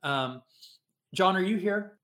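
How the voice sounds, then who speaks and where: Podcast host guy, kinda high voice, chatty and rambly, upbeat. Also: animated, slow pace, pushed and bright. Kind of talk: casual livestream podcast chat.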